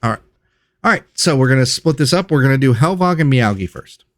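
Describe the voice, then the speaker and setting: A man narrating as game master of a tabletop game in a mid-range voice. He talks in a relaxed, loose way, with fillers between his descriptions. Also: medium pitch, fairly quick.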